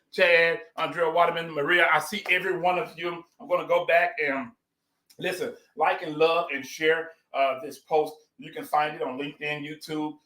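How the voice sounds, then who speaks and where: A man's voice: a little high, pushed and bright, reverberant, rough recording. A man hosting a casual live cooking stream, folksy and effusive, greeting his viewers by name.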